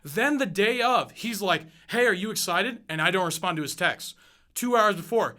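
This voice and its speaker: A man's voice: high voice, animated, measured pace, bright, forceful tone. A man in his twenties hosting a podcast, ranting bluntly and heatedly with constant swearing. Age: 20s. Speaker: podcast host. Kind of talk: profane ranting podcast monologue.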